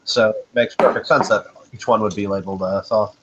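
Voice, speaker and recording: A man reading tarot cards for friends on a video call, explaining each card in a measured way. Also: fairly low pitch, fairly even intonation, fairly bright tone, dull audio, slight background noise. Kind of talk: casual group video call chat.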